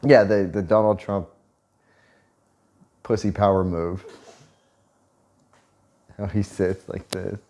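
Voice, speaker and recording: A man's voice: deep voice, flat delivery, slow pace, long pauses, dark tone. A man chatting casually on a couple's vlog, joking and sarcastic, swearing freely. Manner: joking, profane, sarcastic asides. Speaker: vlog co-host.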